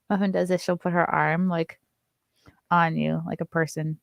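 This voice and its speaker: A woman's voice: fairly even intonation, a little fast, gravelly, dry recording, lo-fi sound. Woman comic, host of a morning show, casual and chatty, dry close sound. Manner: chatty, turns to high sing-song baby talk with her dog. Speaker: comedian hosting a morning show. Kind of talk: casual chat, reading viewer comments.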